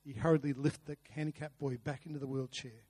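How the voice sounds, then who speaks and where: A man's voice: medium pitch, fairly even intonation, quick pace, a little mellow, breathy edge, no echo. A man preaching a sermon, earnest, with rhetorical questions and repeated words. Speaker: pastor. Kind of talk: sermon with a told story.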